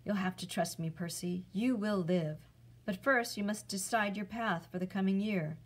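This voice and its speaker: A woman voicing a weary, wise old male centaur teacher in a storybook read-aloud, speaking calmly and firmly. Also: medium pitch, moderate pace, close to an everyday voice. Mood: measured.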